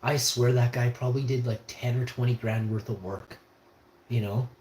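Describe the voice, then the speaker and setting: A man's voice: medium pitch, steady tone, normal speed, darkish tone. Rambling man with roomy echo. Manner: rambling, slangy, repeats himself. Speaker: livestream host. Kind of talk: casual rambling storytelling.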